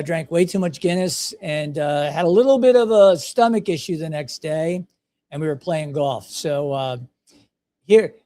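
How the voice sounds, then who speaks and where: A man's voice: a little high, a little mellow. Chatty man in his sixties. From United States. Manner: chatty, self-deprecating, anecdotal. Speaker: podcast host. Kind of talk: casual storytelling.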